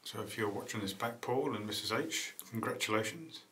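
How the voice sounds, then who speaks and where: Chatty man with a lowish voice. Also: fairly quick, fairly bright tone. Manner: rambling, chatty, frequent ums and uhs. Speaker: vlogger hosting a live stream. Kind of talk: casual live-stream chat.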